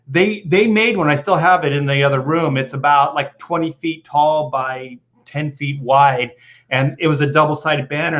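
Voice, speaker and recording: A man tells a long story over a video call, circling back and restarting his sentences as he goes. His voice sits a little high for a man. The call audio is dull and lo-fi. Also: fairly bright tone. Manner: rambling storyteller with many restarts. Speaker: comic book artist guest. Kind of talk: casual video call chat.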